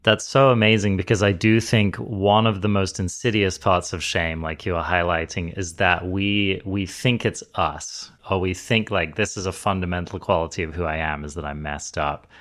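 A man's voice: sits low, fairly even intonation, moderate pace, few pauses, a bit bright. A man hosting a podcast interview, thoughtful and appreciative, who reflects back what his guest has said. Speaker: podcast host. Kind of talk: conversational interview.

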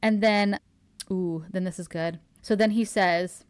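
A woman's voice: mid-range voice, steady tone, unhurried, clear, resonant tone. A woman hosting a podcast in casual chat, eagerly retelling a book's plot, gushing and laughing often. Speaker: podcast host recapping a book.

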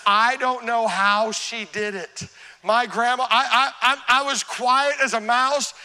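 A pastor preaches a sermon in a church, animated and humorous, firing questions at his congregation. His voice is high, sharp and tense, a little slow, and a long reverb fills the sanctuary.

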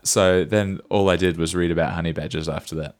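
Playful deep-voiced podcast man. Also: fairly even intonation, fairly quick, no echo, clean studio sound. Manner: playful and teasing, laughs often. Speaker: podcast co-host. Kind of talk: casual chat.

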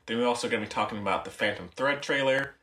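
A young man hosting a casual film podcast, talking with a relaxed, dry understatement. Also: medium pitch, quick pace, distant mic. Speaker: podcast host. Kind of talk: casual chat. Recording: roomy echo, voice set back from the mic.

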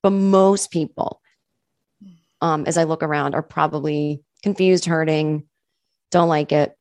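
A woman comedian with a faint Boston accent tinged with California, talking casually and self-deprecatingly as an interview guest, with animated asides. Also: sits low, unhurried, no echo. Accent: faint Boston with California touches. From Boston area, USA.

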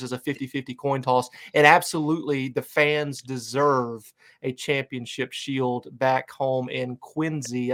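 A man's voice: a little high, a bit bright. A man hosting a casual fan podcast, upbeat and hype-driven, with lots of fillers and restarts. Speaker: podcast host. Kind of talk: casual fan-show chat.

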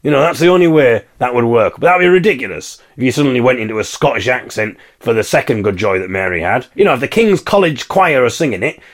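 A man's voice: medium pitch, lively intonation, quick pace, few pauses. A man from England hosting a podcast, delivering a wry, mock-indignant comic monologue and singing snatches of carols. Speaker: podcast host.

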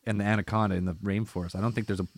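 A man's voice: on the low side, steady tone, racing, no room sound. A man telling a travel story in casual chat, rambling with many restarts and fillers.

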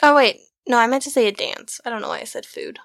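Woman, higher voice, hesitant quiz guesser. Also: fast talker, a bit bright. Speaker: quiz player. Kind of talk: casual chat.

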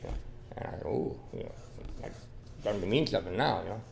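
A man's voice: fairly low pitch, animated, quick pace, vocal fry, a little hiss or hum. An older man, a podcast guest, telling a long, rambling story in a folksy way. He restarts often and keeps saying "you know.". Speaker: podcast guest, dog trialer. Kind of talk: casual storytelling interview.

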